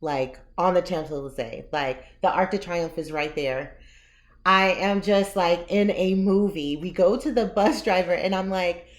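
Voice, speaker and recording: A woman vlogger and author telling a personal story in a casual, animated way, often laughing as she talks. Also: fairly low pitch, a little slow.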